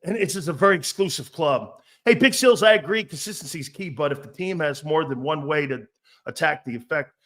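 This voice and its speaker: A man hosting a sports talk stream, brash and profane, reading chat comments and firing back with loud outbursts and mocking asides. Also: fairly high pitch, a little fast. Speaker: sports talk show host.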